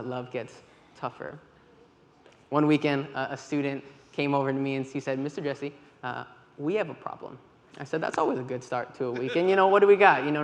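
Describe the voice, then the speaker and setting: A man giving a church talk, telling lively stories with quoted dialogue. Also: on the high side. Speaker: volunteer leader with kids. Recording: long hall reverb, faint ambience.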